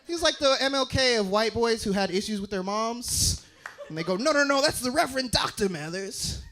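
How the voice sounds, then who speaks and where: A young man doing stand-up, his voice sitting high and swinging wildly between squeaky shouted bits and muttered low asides. The tone is bright and sharp, and a faint hiss of noise sits under the live mic. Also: a little fast. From Utah. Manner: animated, jumps into loud high character voices and drops to low asides. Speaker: stand-up comedian. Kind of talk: stand-up comedy set.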